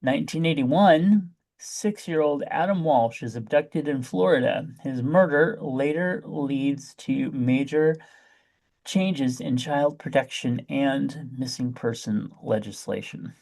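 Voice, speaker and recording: A man's voice: medium pitch, takes it slowly, vocal fry, a little mellow. A man hosting a casual podcast, chatty and playfully campy as he runs through the show. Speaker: podcast host.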